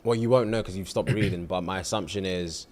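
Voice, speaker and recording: A man's voice: deep voice, a little fast, a little mellow. A man co-hosting a podcast, mostly listening with short murmured replies and casual chat. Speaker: podcast co-host.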